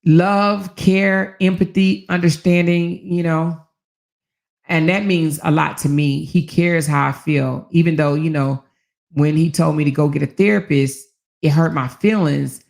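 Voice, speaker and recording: Deep-voiced with vocal fry and a slightly slow pace, a woman hosts a casual talk channel. She acts out the lines she quotes while telling stories to her viewers, laughing frequently and swearing without fuss.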